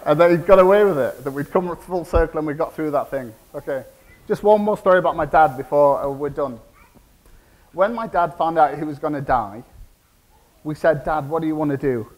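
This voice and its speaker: Cumbrian man giving a lively keynote. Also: fairly high pitch, brisk, poor audio. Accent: English, Cumbrian. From England. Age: 40s. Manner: conversational, asks the audience questions. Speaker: keynote speaker. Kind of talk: conference keynote speech. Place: conference hall.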